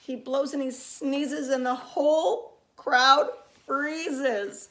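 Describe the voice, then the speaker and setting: A woman teacher reading a picture book aloud to young children, expressive and asking them questions along the way. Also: sits high, extremely slow. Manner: lively, expressive, asks listeners questions.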